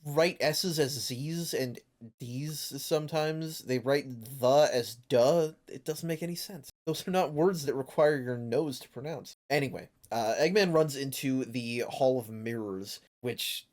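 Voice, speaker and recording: A man's voice: medium pitch, unhurried, darkish tone. A man hosting a casual comic review chat, rambling and joking with fillers and swearing. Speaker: podcast host.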